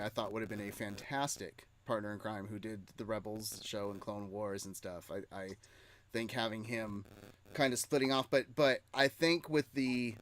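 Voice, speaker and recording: A man's voice: mid-range voice, a little hiss or hum. A man hosting a casual nerd-news podcast, chatty and reading chat comments aloud. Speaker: podcast host.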